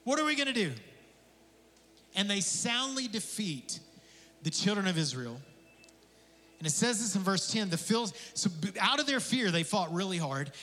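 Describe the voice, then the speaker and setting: Animated high-voiced preacher in a reverberant hall. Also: male voice, moderate pace. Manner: animated, conversational preaching with asides and jokes. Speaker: pastor. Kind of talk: sermon.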